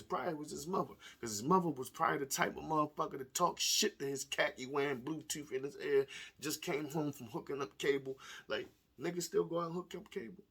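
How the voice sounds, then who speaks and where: A man giving blunt, profane, animated commentary to the camera, telling stories and speaking plainly as a stepfather. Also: fairly high pitch, fairly quick, breathy edge. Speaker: vlogger. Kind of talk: casual commentary video.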